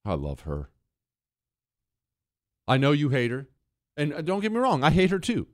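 A man hosting a political talk show, ranting in an exasperated, animated way. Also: a little high, normal speed, dry recording, studio quality. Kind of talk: opinionated commentary.

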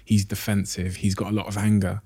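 A man hosting a podcast, asking long, measured questions and retelling stories to set them up. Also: fairly low pitch, level tone, vocal fry, warm tone, husky. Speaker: podcast host interviewer. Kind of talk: in-depth interview questions.

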